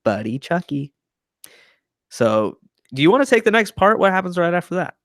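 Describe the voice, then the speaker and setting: A man's voice: high voice, normal speed, no echo. A young man chatting through a movie plot for his podcast, jumping his voice way up when he plays the characters. The sound is close and dry with no room around it. He keeps a loose, enthusiastic, talkative flow. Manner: animated retelling, acts out characters' lines. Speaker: podcast host. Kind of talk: casual movie review chat.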